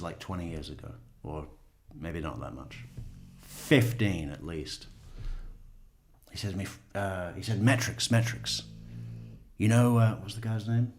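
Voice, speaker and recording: A man with a fairly low voice comments casually on recorded calls. He rambles through side stories, swears freely and chuckles as he goes. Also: a little mellow. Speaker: true crime commentator.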